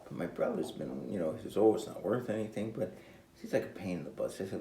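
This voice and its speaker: An older man hosts his own podcast in a rambling, stop-start way, filling gaps with fillers and little laughs. His pitch swings in a lively way. He is recorded on a phone on a tripod in an echoey room with faint background ambience. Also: vocal fry, slight background noise. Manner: meandering, halting, with frequent fillers and chuckles. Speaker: podcast host. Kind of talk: rambling casual monologue.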